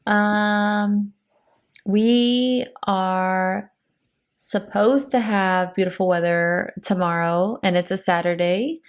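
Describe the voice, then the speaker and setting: A woman's voice: medium pitch, fairly even intonation, slow pace. Easygoing young woman podcast co-host. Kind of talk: casual podcast chat.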